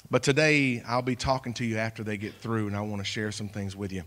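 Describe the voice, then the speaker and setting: A man, a pastor speaking to his congregation in a folksy, warm preaching manner. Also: lowish voice, fairly even intonation, quick pace. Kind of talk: church sermon.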